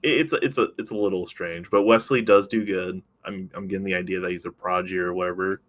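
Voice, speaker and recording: A young man co-hosts a casual podcast in a somewhat low voice. His talk is loose and joking, packed with fillers as he works through his thoughts. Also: steady tone, quick pace, fairly bright tone. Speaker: podcast co-host. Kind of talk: casual chat.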